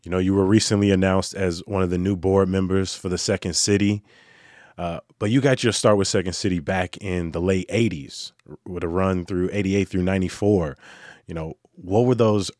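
A man's voice: deep voice, steady tone, moderate pace, darkish tone, no room sound, studio quality. A man interviewing a guest, asking questions in an easygoing, appreciative way.

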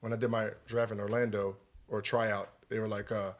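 A man co-hosting a podcast, a former basketball player chatting casually, blunt and profane as he tells animated stories. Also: fairly low pitch, brisk, few pauses. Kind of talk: casual chat.

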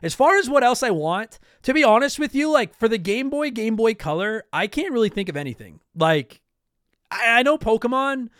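A man from Canada with a high voice that swings widely in pitch, talking casually on a podcast. He rambles, restarts his sentences and keeps apologizing. The sound is dry and close. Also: very animated, moderate pace, a bit bright, clean tone, no echo. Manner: rambling, self-interrupting, apologetic. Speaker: podcast host answering listener mail.

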